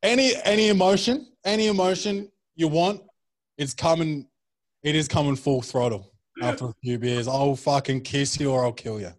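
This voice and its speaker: Young guy comedian rambling thru stories, swears a lot, kinda high voice. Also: moderate pace. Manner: swears freely, rambling anecdotes. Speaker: guest comedian. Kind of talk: casual chat.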